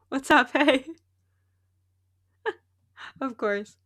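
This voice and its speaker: A woman's voice: high voice, very slow, fairly bright tone. A young woman chatting casually as she plays a game on a live stream, talkative and laughing often at her own remarks. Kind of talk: casual chat while playing a game.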